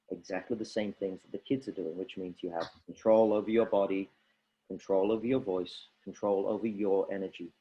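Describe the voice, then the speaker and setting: A man leading a drama workshop for teachers, coaching lively and demonstrating vocal warm-up drills. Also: fairly low pitch, muffled recording.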